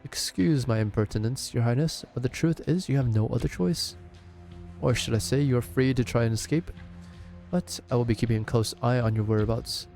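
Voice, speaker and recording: Man reading smug aristocrat villain, mocking formality, mellow tone, faint game music behind. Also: medium pitch, brisk, creaky, natural voice. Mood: menacing. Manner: overly polite, mocking formality. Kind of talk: reading game dialogue aloud.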